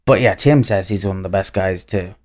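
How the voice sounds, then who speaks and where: An Irish man from Ireland talks through his answers as a podcast guest. His voice sits on the low side, and he rambles along with lots of ums and likes in a casual, conversational way. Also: brisk, a little mellow. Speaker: podcast guest, whiskey brand representative. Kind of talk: casual interview chat.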